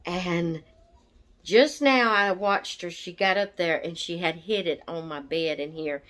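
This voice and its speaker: A woman's voice: fairly low pitch, a bit bright. A woman chatting casually to camera as a vlogger, a little out of breath from asthma and easily sidetracked. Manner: slow, chatty, easily distracted. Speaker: doll channel vlogger.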